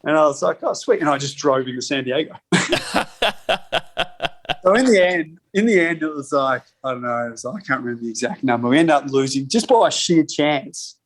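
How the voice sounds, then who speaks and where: A man spins a long anecdote at an easy, rambling pace, peppering it with swearing and laughter. His voice sits at an ordinary middle pitch. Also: lively intonation, a little fast. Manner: rambling, heavy swearing, laughs between lines. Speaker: podcast guest, spirits company co-founder. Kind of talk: casual storytelling.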